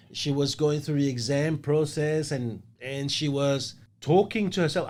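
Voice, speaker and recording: A man's voice: on the high side, darkish tone. Emphatic man musing on ethics. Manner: philosophical, emphatic, swears casually. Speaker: podcast host. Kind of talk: casual podcast chat.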